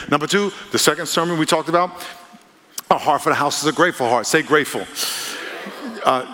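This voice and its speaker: A man preaches in a relaxed, conversational way, trading lines with his congregation and mixing jokes with earnest points. His voice sits at an everyday middle pitch. A long reverb from the church sanctuary trails behind every phrase. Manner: conversational, playful call-and-response with congregation. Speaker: pastor. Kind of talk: sermon.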